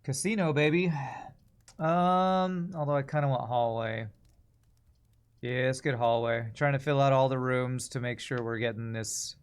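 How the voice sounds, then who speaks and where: A man's voice: medium pitch, a little slow, smooth. A man streaming a puzzle game, thinking aloud and mumbling as he weighs his choices in casual commentary. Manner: musing aloud, mumbling while deciding.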